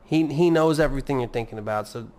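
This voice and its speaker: A man's voice: medium pitch, quick pace, a little mellow. Rambling, profane male podcast host. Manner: rambling, profane, self-mocking. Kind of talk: casual solo podcast monologue.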